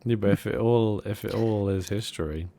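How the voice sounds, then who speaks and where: A young man co-hosting a casual comedy podcast, rambling in a mock-earnest, deadpan way. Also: on the low side, moderate pace, vocal fry. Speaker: podcast co-host.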